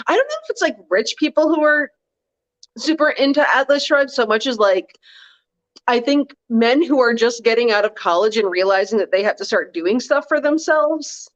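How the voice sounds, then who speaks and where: A woman's voice: on the high side, expressive, moderate pace. A woman co-hosting a casual live chat, telling stories in a chatty, wry way. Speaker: co-host. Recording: dull, lo-fi audio.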